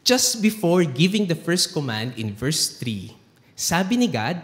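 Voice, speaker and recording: Filipino guy preaching, punchy and emphatic, lively pitch, big churchy reverb. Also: unhurried. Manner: switches between English and Tagalog, emphatic preaching. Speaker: pastor. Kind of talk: sermon. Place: church sanctuary.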